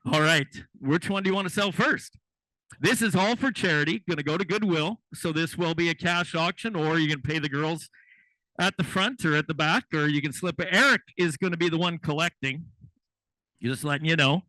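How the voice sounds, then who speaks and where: Man with a rapid auctioneer chant. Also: a little high, bright, forceful tone, dry recording, poor audio. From Alberta, Canada. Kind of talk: live charity auction chant.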